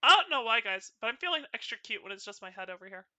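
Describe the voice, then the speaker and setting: Bright, chatty Southern woman streamer. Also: on the high side, lively intonation, quick pace, dry recording. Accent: North Carolina. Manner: chatty and playful, stumbling over words. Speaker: VTuber streamer. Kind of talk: casual stream chat.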